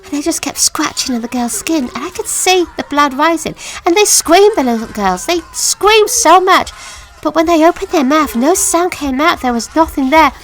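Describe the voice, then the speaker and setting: An actress playing a haunted woman, recalling a childhood horror in a halting, hushed audio drama monologue that sinks to whispers. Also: sits high. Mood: frightened. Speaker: witness recounting an account.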